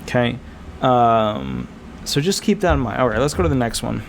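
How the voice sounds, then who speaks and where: A man speaking as a disability attorney, giving casual, animated advice to viewers, emphatic and repetitive with frequent fillers. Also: medium pitch, moderate pace, creaky, slight background noise. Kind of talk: casual advice talk to camera.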